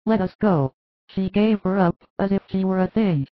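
A woman voicing a gentle, devout mother who pleads earnestly, read as audiobook dialogue. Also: mid-range voice, normal speed, no room sound, lightly acted. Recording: dry, tinny phone-like sound.

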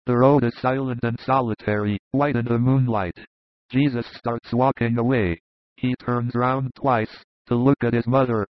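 A man narrating a devotional vision as an audiobook, in an even, solemn, unhurried manner. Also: mid-range voice, dry recording. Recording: dull dry close recording.

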